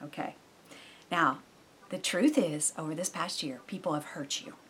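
A middle-aged woman preaching a sermon in a conversational, animated way, with frequent asides. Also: low-pitched, normal speed, a little hiss or hum.

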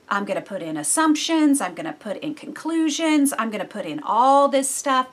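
A middle-aged woman preaching a sermon in a conversational, animated way, with frequent asides. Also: on the high side, moderate pace, few pauses.

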